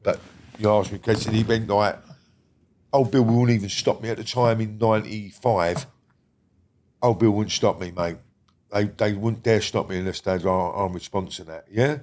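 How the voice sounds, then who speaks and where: A man's voice: fairly low pitch, steady tone, moderate pace, darkish tone, a little hiss or hum. A man, talking as a guest about his past in a rambling, blunt way full of swearing, often checking that the listener follows. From Britain. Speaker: guest recounting a criminal past. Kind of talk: casual storytelling conversation.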